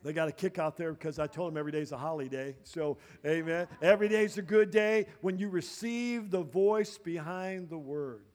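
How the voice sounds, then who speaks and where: High-voiced preacher guy getting fired up, big hall echo, quiet music under him. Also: fairly quick, few pauses. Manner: fervent, rising to shouted praise with whoops. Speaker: pastor. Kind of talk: sermon.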